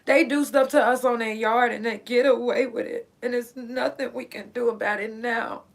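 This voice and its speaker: A woman's voice: on the high side, steady tone, moderate pace, creaky. A woman, host of her own show, telling a personal story in a blunt, profane way, in pain and close to tears. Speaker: podcast host. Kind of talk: personal story, casual monologue.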